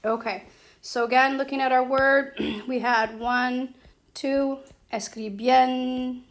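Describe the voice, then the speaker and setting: A woman's voice: high voice, little pitch movement, fairly bright tone. A woman explaining a grammar lesson as a teacher, patient and checking in with her students as she goes. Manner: slow, patient, checks in with "okay?" and "right?". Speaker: Spanish teacher.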